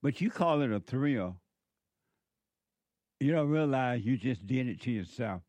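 A man preaches in a dry, close recording with a voice of ordinary pitch. He hammers his points through repetition and rhetorical questions, his tone emphatic throughout. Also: lively intonation, unhurried, darkish tone, no room sound. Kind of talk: preaching monologue.

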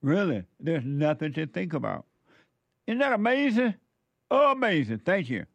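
A man's voice: fairly high pitch, very animated, normal speed, creaky, a bit bright, no echo, muffled recording. A man hosting a casual live show, answering viewer messages with repetitive, preacher-like spiritual advice. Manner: repetitive, exclaims "amazing", preacher-like urging. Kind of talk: casual live-stream chat with religious advice.

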